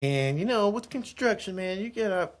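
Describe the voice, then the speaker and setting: A young man in a casual podcast chat, telling excitable stories, laughing and saying bro and dude. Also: sits high, normal speed.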